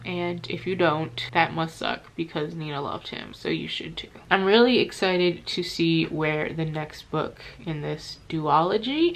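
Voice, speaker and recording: A woman's voice: lowish voice, creaky, a bit bright. Gushing young woman book vlogger. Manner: gushing, profane, jokey. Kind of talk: casual reading vlog chat.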